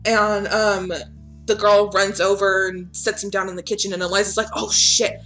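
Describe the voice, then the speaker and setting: A casual woman game master narrates a tabletop game, chatty and loose and swearing freely. Her voice is bright, and her narration is filled with fillers. Faint music plays underneath. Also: mid-range voice, level tone, normal speed.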